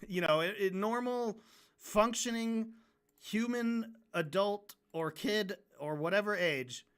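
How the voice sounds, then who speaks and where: A man's voice: high voice, a bit bright. A man livestreaming while he draws, ranting casually and frankly, swearing and often restarting his sentences. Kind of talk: casual rant during a drawing stream.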